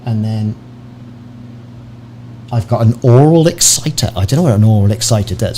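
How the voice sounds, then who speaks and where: Speaking on the low side with a dark tone, this streamer talks at a normal speed but leaves long pauses. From a small room at home, he rambles casually and self-deprecatingly into a desk podcast mic during his live gaming stream, a faint fan audible behind him.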